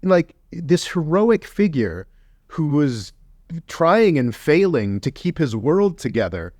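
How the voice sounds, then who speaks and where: A man co-hosting a podcast in casual political chat, animated and heated, mocking others in quick put-on voices. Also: a little high, dry recording, studio quality. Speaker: podcast co-host.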